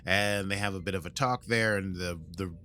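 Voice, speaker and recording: A man's voice: deep voice, steady tone, brisk, sharp tone, a little hiss or hum. A man hosting a podcast, casually recapping an episode and breaking into sung lines and silly voices. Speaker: podcast host.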